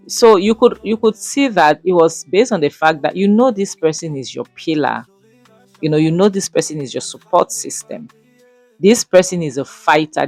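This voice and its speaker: Rambling Nigerian woman reviewing a series. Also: low-pitched. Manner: rambling, many fillers like "you know". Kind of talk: casual episode recap and review.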